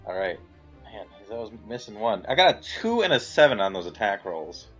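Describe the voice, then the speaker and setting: Low-voiced grumbling man player. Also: sing-song, a little fast, fairly bright tone, dull audio, soft background music. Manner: grumbling about bad luck. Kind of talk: casual tabletop play.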